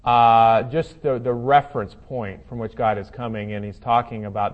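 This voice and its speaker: A man's voice: medium pitch, little pitch movement, moderate pace, highs cut off. A man leading a Bible study, explaining scripture in a conversational way, thinking aloud with fillers and restarts. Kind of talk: verse-by-verse Bible study teaching.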